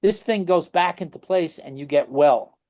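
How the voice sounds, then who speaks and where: A man's voice: fairly high pitch, moderate pace, a little mellow. A middle-aged man telling stories in a rambling interview, constantly checking in with tag questions. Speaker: guest practitioner. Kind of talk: casual anecdotal interview talk.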